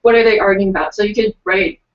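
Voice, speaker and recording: A woman's voice: medium pitch, steady tone, fast. A young woman co-hosting a casual writing livestream, chatty and giggly, reading out participants' lines. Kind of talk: casual chat, reading out submissions. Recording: distant, dull lo-fi webcast audio.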